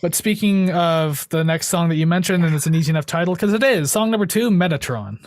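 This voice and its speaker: A man's voice: a little high, quick pace, no echo, clean studio sound. A young man co-hosting a music podcast, enthusiastic and rambling, saying "like" a lot. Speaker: podcast co-host. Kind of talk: casual chat.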